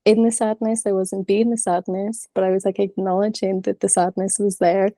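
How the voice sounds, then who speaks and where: A woman's voice: medium pitch, level tone, normal speed, dark tone, no echo. A woman in her thirties sharing openly and chattily in an online class, with plenty of filler words. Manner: frank, chatty, many fillers. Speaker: class participant.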